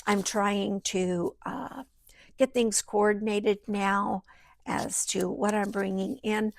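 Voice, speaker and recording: At her home craft table beside a sewing machine, a journal maker walks through her project casually, thinking aloud and rambling. Her gravelly, mid-range voice sometimes drifts into soft murmurs, and there's no room sound.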